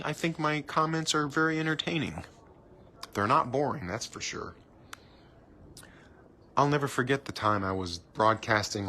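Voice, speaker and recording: A low-voiced man narrates a live stream in loose, playful chatter, poking fun at himself as he goes. He holds a phone on an outdoor cruise ship balcony, and a faint hum of open air sits behind him. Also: pushed and bright. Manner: chatty, playful, self-mocking banter. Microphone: handheld phone.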